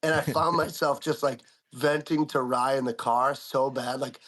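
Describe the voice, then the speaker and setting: Animated man ranting through a story. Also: mid-range voice, normal speed. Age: young adult. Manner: animated, indignant storytelling with lots of "like". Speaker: podcast co-host. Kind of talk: casual storytelling chat.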